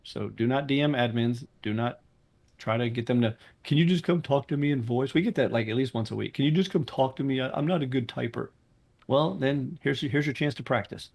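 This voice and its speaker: Man, gravelly voice, blunt, firm, swears, casual meeting talk, voice chat mic. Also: medium pitch. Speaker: game server owner leading a staff meeting.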